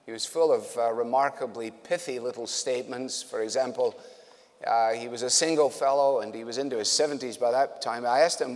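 A man's voice: medium pitch, fairly quick. A man preaching at a conference, talking in a conversational way with dry, wry humor. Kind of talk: conference sermon. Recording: long reverb in a large hall.

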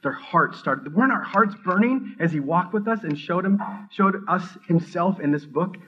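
A middle-aged man from the Minneapolis area telling his personal faith testimony, earnest and halting, often restarting his sentences as his excitement builds. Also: sits high, lo-fi sound. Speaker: seminary student giving testimony.

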